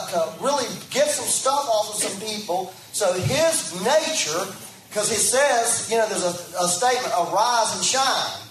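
A man preaches in a church, his voice sitting a little high and talking casually before building into loud, fervent calls. He repeats phrases as he goes. The recording is echoey and picked up from a distance, with a faint room hum underneath. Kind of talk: sermon.

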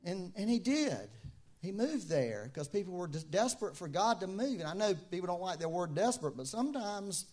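A man with a notably high speaking voice delivers a sermon in a loose, conversational way. He circles back to his main phrases and says them again for emphasis, with plenty of casual fillers along the way. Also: very animated, normal speed, darkish tone. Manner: informal, repeats key phrases, many fillers. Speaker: preacher.

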